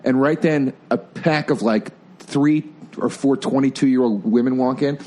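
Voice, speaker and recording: A man in his forties from the Philadelphia area, telling stories in casual, profane chat full of laughs and loud put-on voices. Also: mid-range voice, unhurried. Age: 40s. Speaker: podcast co-host.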